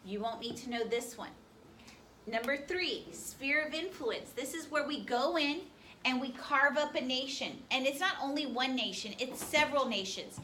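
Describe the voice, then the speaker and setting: A high school history teacher fires quick questions at her class, her high voice carrying a sharp tone. The recording was made at a distance in the classroom and has faint noise.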